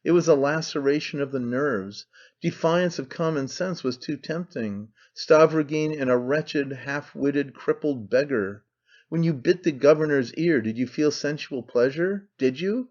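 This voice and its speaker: A man's voice: a little high, measured pace, a little mellow. A man reading an audiobook voices a frantic, impassioned man who pleads and accuses with intensity. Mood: accusing. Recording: slightly dull lo-fi sound.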